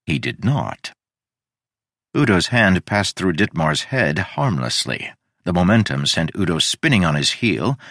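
Deep, lively male audiobook narrator. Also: no room sound, studio quality. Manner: expressive, dramatic storytelling. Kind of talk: scripted narration.

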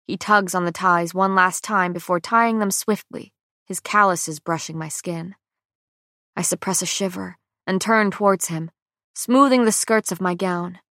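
Soft-spoken woman narrating a romance. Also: lowish voice, no echo, studio quality. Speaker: audiobook narrator. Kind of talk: first-person romance narration.

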